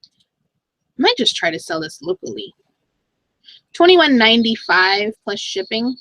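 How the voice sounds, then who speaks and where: Woman vlogger, middle-aged, fairly high voice with a very lively pitch, chatty and excitable, dry close sound. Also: a little slow, no echo, low-quality recording. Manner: chatty, excitable, talks to herself while browsing items. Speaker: thrift reseller vlogger. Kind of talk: casual haul vlog.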